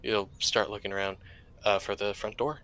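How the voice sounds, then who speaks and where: A man narrating actions in a tabletop game, speaking in a relaxed, hesitant way. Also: fairly low pitch, moderate pace, low-quality recording.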